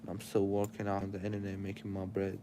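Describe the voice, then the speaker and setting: A man's voice: low-pitched, monotone, fast talker, background noise. A young man in casual chat, encouraging and slangy, with emphatic bursts. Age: young adult.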